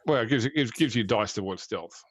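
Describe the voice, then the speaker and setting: Male player, fast talker, lowish pitch, rules-minded. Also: expressive, highs cut off. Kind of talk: tabletop game table talk.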